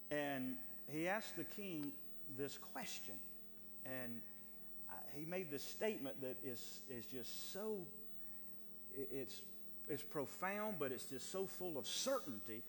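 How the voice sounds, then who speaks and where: A man preaching a sermon, building to emphatic, rising lines with repeated words. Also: on the high side. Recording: light hum in a reverberant hall.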